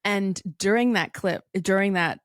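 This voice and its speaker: A woman's voice: medium pitch, a little slow, no room sound, studio quality. A woman co-hosting a casual podcast chat, retelling a clip in a rambling way and laughing often. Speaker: podcast co-host.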